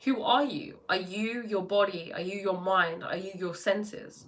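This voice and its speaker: Her medium-pitched voice is a bit bright and a little slow as she hosts a live stream as a life coach. Reading out comments from viewers, she chats in a relaxed, reflective way, raising questions and talking about spiritual matters.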